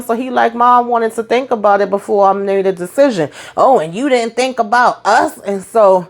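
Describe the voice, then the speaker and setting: A woman's voice: a little high, moderate pace, hardly any pauses. A middle-aged woman casually recapping a TV episode for her viewers, acting out the characters' lines and talking straight to them. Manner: talks straight to viewers, "y'all", "boo", "child". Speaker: TV recap vlogger.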